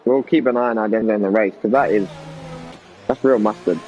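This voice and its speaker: A man giving casual, excitable commentary on an esports racing league, talking to viewers. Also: lowish voice, fairly quick, lo-fi sound, a little hiss or hum. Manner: excitable, chatty, addresses viewers as guys.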